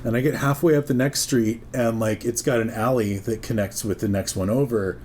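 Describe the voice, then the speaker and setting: A man's voice: mid-range voice, fairly quick, a little hiss or hum. A man telling a long story in a casual chat, swearing freely and acting out the voices of the people in it. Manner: profane, animated, acts out the voices of people in his story. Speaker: podcast co-host telling a story.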